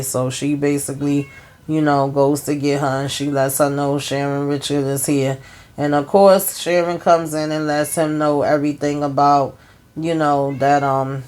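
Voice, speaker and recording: A woman's voice: sits low, a little mellow. Chatty woman recapping a TV episode. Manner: retells scenes with quoted dialogue, exclaims and laughs; colloquial, frequent fillers. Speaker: TV recap host.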